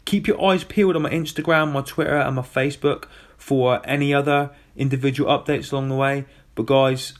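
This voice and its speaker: A man's voice: mid-range voice, fairly even intonation, a little fast, few pauses. A man recording a casual video diary alone in a hotel room, talking to his followers in an earnest, upbeat way with frequent ums. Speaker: athlete vlogging to his followers.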